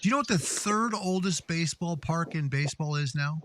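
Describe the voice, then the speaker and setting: A man with a somewhat high voice hosts a casual live chat. He keeps things upbeat and relaxed, reading comments from viewers aloud as they come in. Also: a little fast, noisy background. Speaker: host of a live stream show.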